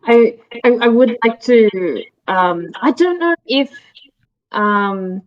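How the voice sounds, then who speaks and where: A woman's voice: fairly high pitch, big pitch swings, slow pace, dry recording. A woman playing in a tabletop game, speaking hesitantly and unsure of herself. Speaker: player. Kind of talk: casual tabletop play. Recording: dull, lo-fi audio.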